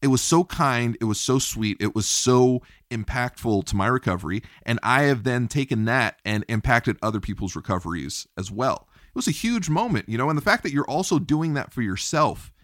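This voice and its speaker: A man's voice: mid-range voice, normal speed, hardly any pauses, no room sound, studio quality. A man hosting a podcast, telling stories with energy, swearing freely and acting out what others said. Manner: animated storytelling, swears freely, acts out quotes. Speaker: podcast host. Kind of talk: casual podcast chat.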